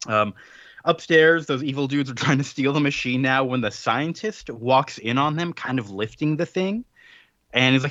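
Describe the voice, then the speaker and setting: A man's voice: mid-range voice, normal speed, dry recording. A man co-hosting a podcast, casually recapping a comic with rambling asides and acted-out quotes. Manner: rambling, animated, acts out quoted characters. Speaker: podcast co-host. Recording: dull lo-fi, dry.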